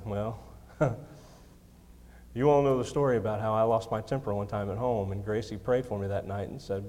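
A man's voice: on the low side, steady tone, moderate pace, darkish tone. Man, preacher, sermon, emphatic repetition, self-deprecating humor, church mic, long reverb. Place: church sanctuary. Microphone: handheld or stand microphone.

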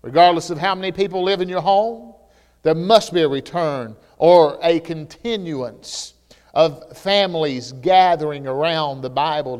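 A male pastor preaching a sermon with passion, sometimes rising to shouts and often restarting his words. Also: a little high. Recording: long hall reverb.

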